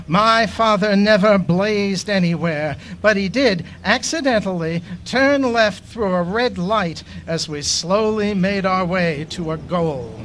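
A man reading his own memoir poetry aloud at a poetry festival, in a measured, unhurried way. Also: high-pitched, fairly bright tone, a little hiss or hum.

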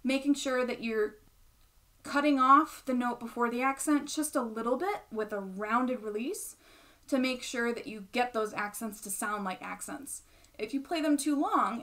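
A woman's voice: on the high side, moderate pace, fairly bright tone. A young adult woman giving a patient music lesson, explaining step by step and checking in with the listener. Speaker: bassoon teacher. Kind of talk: instructional explanation.

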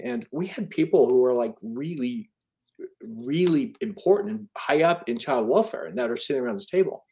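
A middle-aged man recounting a personal story as an interview guest. He speaks earnestly, often stopping to restart a phrase and acting out what people said. His voice sits at an ordinary, medium pitch. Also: expressive, warm tone. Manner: earnest, halting storyteller with many restarts and quoted dialogue.

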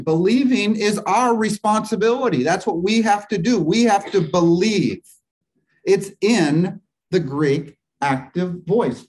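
Slow, higher-voiced man teaching Bible. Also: a little mellow, low-quality recording. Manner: asks the class questions and waits for answers; explains Greek grammar step by step. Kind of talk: teaching a church Bible class.

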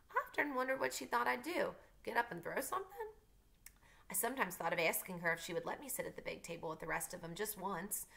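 A woman teacher reading a novel aloud to her class, telling it in a steady way and adding casual asides. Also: on the low side, gravelly.

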